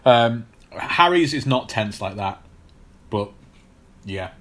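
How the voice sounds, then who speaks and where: A man co-hosting a podcast in casual chat, explaining at length with frequent pauses and restarts. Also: mid-range voice, lively intonation, fairly bright tone. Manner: explanatory, hesitant with many fillers and restarts. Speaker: podcast co-host.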